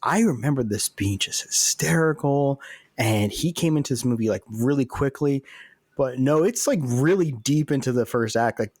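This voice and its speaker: Man, 40s, co-host, halting and word-searching, mid pitch, dry close mic. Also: expressive, darkish tone, husky, dry recording. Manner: hesitant, searching for words. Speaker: podcast co-host. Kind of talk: casual chat.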